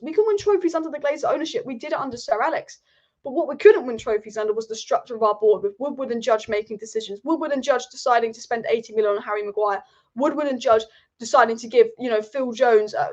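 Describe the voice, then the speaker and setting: A woman hosting a live football fan stream, ranting passionately and repeating her points. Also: high-pitched. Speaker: football channel host. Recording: dull lo-fi stream audio.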